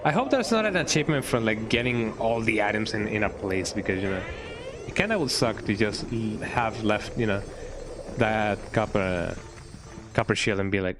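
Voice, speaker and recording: This gamer speaks in a fairly low voice at a moderate pace, chatting casually and wandering off topic as game music and noise play behind him. His habit is to finish phrases with a questioning "eh?".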